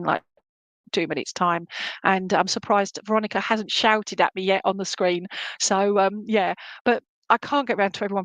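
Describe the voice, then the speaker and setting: A woman's voice: mid-range voice, no room sound, rough recording. Chatty woman doing a psychic reading. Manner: chatty and reassuring, keeps checking in with "okay?" and "all right?"; hesitant, with many "um"s. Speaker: psychic medium. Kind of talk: live online reading for viewers.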